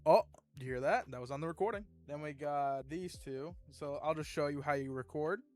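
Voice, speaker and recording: A man's voice: on the high side, moderate pace, a little mellow, soft background music. A young man hosting his own channel, chatting casually through an upbeat product review. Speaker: gear reviewer, channel host.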